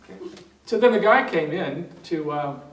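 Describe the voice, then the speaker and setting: Picked up by a distant mic in a roomy training hall with faint noise, a man who trains people in NLP rambles through a seminar anecdote. His fairly high-pitched voice is animated and moderately paced, and he keeps chuckling, restarting and using fillers.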